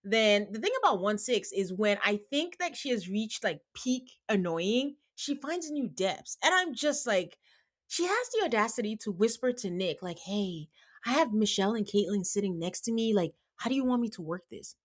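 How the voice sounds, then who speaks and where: A podcast host recaps a reality show in casual chat, speaking in a mid-range voice at normal speed. She's animated, quotes people in put-on voices as she acts them out, and addresses her listeners as "guys."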